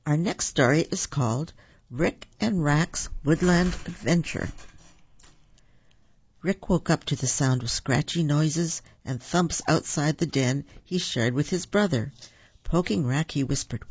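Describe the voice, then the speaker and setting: A man's voice: medium pitch, measured pace, gravelly, husky. A man reading a children's story aloud, with small slips and restarts. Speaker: storybook reader. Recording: dull lo-fi recording.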